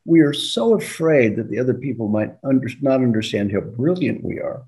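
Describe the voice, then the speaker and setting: An older man coaching on leadership, telling anecdotes with a lively, swooping pitch. His voice is dark and mellow, and he acts out both sides of the conversations he recalls. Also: a little fast. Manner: animated, acts out dialogue with laughs. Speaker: executive coach. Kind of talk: storytelling leadership talk.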